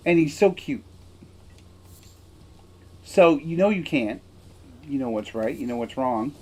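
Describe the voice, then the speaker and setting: Guy on stream rambling thru a personal story, blunt, emphatic, keeps going "right?", mid-pitched voice. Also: animated, a little slow, pauses often, a little mellow. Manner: candid and blunt, occasional swearing. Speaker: game streamer.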